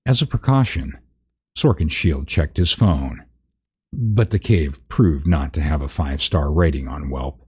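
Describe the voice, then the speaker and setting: A man's voice: very deep voice, measured pace, a little mellow, husky. A man reading a parody fantasy story aloud, breaking off with wry asides about the text. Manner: reads aloud with wry asides at misread words. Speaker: narrator.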